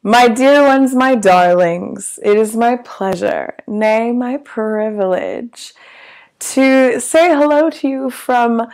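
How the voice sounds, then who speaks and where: A woman hosting a casual livestream from a small hotel room, with a low gravelly voice and a theatrical, chatty manner that slips into swearing. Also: slow, a little mellow. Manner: theatrical, grand greetings, then chatty with swearing. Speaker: livestream host.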